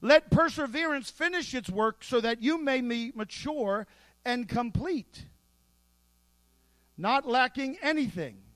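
A man preaching a sermon, animated and playful, with asides worked into his points. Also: extremely high pitch, takes it slowly, no room sound. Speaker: pastor.

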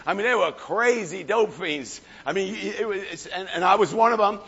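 A hoarse male pastor preaching a fervent sermon, shouting at the peaks and calling out to the crowd. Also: sits high, moderate pace. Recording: echoey hall, dull lo-fi sound.

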